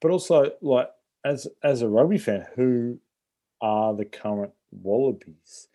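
A man's voice: mid-range voice, animated, a little slow, warm tone. A man chatting casually about sport, with lots of "like" and "you know".

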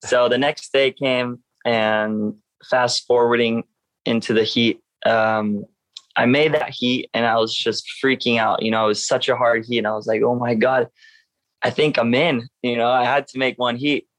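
A young man tells a lively story as an interview guest, switching into other people's voices as he recounts what they said. His voice sits at an ordinary middle pitch and sounds close and dry, with no room echo. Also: moderate pace. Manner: animated, acts out other people's lines in a raised voice. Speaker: professional surfer guest.

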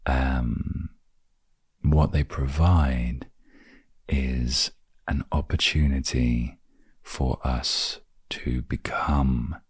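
A man hosts a quiet solo podcast, reading passages and musing on them in an unhurried way. His voice sits extremely low and has a husky, breathy edge. He speaks slowly and softly, and his lines sometimes fade to a near-whisper, recorded dry and close to the mic. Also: fairly even intonation, no room sound. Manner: soft, unhurried and reflective, trailing into near-whispers. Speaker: podcast host.

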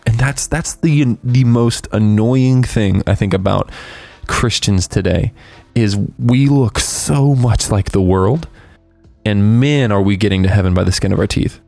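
A man giving an earnest, candid devotional talk as a preacher, halting and restarting as he reflects. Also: fairly low pitch, vocal fry, darkish tone, dry recording, soft background music. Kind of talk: devotional talk on a worship song. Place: outside a church.

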